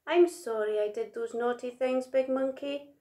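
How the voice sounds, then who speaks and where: A woman's voice: sits high, normal speed, mellow, natural voice. A woman voicing a small, playful young monkey who is eager and pleading, for a storybook read aloud. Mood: soft. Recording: roomy echo.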